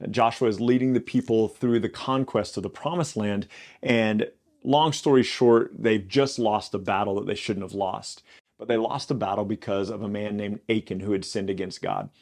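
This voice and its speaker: Male Bible teacher, casual and conversational, gravelly voice. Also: fairly low pitch, fairly even intonation, normal speed, darkish tone. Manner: conversational, self-correcting.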